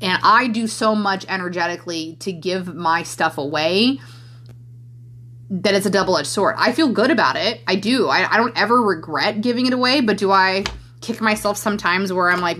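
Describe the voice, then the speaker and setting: A woman's voice: mid-range voice, fairly quick, a bit bright, a little hiss or hum. A woman in her thirties hosting a podcast, talking candidly and emotionally in a rambling way, full of fillers. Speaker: podcast host and coach. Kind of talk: casual solo podcast monologue.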